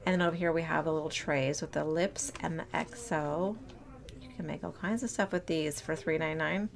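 Chatty young woman with a gravelly voice. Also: sits low, brisk, a crowd in the background. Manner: chatty, gushing over cute items, lots of ums. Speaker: shopping vlogger. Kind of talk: casual shop-with-me narration. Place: indoor retail store. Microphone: handheld phone.

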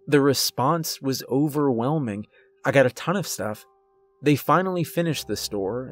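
Man, horror story narration, measured and dramatic, middle pitch, faint music underneath.

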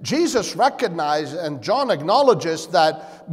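A man preaching a sermon as pastor, asking rhetorical questions and calling for amens. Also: a little slow. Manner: animated, shifting pitch and volume. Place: church sanctuary. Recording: long hall reverb.

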